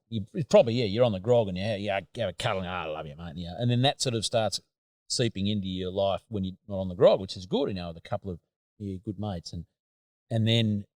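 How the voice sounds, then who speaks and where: A very deep-voiced Australian man hosts a casual chat. He rambles and hesitates, leaning on fillers as he works out his thoughts. The recording is dry and close. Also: a little mellow, dry recording.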